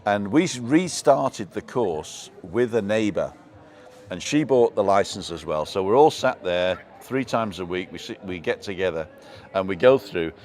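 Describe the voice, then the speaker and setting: A low-voiced man hosts a casual live stream. He rambles through his points in a chatty way and is quick to laugh. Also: expressive, darkish tone. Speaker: live show host.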